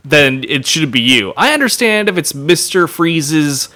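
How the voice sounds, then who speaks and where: Brief: man, podcast co-host, bright and animated, unhurried delivery. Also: fairly high pitch. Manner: laughs often, animated riffing. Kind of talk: casual chat.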